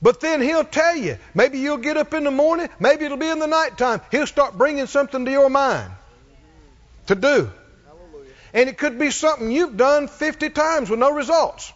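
A man's voice: very high voice, animated, normal speed. A man preaching a sermon, repeating phrases and calling for responses from the congregation. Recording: dull audio in a reverberant hall.

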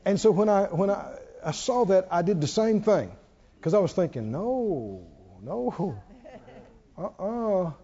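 High, lively male preacher. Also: moderate pace, dull audio. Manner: animated storytelling, leads call-and-response prayer. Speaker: pastor. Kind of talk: sermon.

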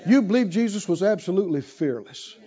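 Male preacher, high and animated, slow drawling emphasis, shouted peaks, dull recording. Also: husky. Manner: animated, swings from low asides to loud shouted climaxes; drawls emphatic phrases slowly. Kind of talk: sermon.

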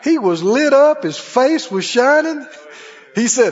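A high-pitched man preaches to his congregation, playing out both voices of a story and climbing to forceful peaks. His voice rings in a large church hall with a long reverb tail. The recording sounds slightly muffled and dull. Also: lively intonation, measured pace. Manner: storytelling preacher who acts out both sides of a dialogue, rising to emphatic peaks. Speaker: pastor. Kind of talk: sermon. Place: church sanctuary. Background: congregation calling out amens.

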